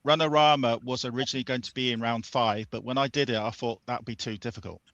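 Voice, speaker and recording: Bright-voiced man hosting a quiz. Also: mid-range voice, fairly even intonation, fast, dry recording, dull audio. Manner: upbeat, jokey, runs the quiz rounds. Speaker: host. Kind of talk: casual quiz hosting on a live stream.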